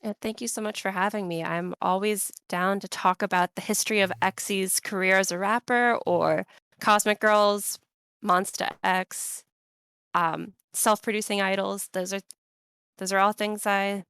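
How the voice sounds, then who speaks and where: A woman's voice: mid-range voice, fairly even intonation, measured pace, fairly bright tone, clean tone, no room sound. A woman guest on a podcast, chatting thoughtfully and at length with frequent fillers. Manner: thoughtful, rambling, lots of fillers. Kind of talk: casual chat.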